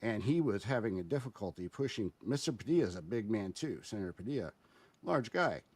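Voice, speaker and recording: A man giving casual spoken commentary as a guest, halting and explanatory, with many fillers and restarts. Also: fairly low pitch, animated, a little mellow, husky, dry recording.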